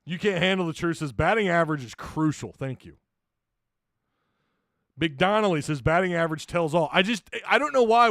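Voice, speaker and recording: A sports talk show host with a somewhat high, fairly bright voice rambles and chuckles often on a casual livestream. He reads viewer comments and sponsor plugs, and the studio recording is clean with no room sound.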